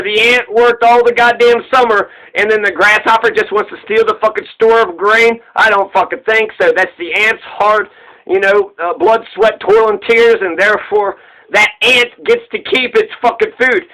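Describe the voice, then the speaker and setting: A man with a high, bright voice retells an old fable off the cuff. He rambles and swears freely, and he laughs at his own jokes. The audio has a radio-like sound. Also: fairly even intonation, moderate pace, low-quality recording. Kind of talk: casual profane retelling.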